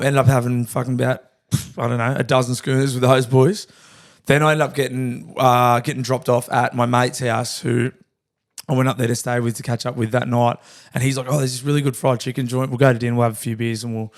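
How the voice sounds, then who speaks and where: A man's voice: mid-range voice, flat delivery, brisk. Young aussie guy spinning a yarn on a podcast, heaps of swearing, does the voices of people in the story. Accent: Australian. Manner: laddish, swears a lot, acts out quoted lines. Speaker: podcast co-host. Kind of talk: casual storytelling chat.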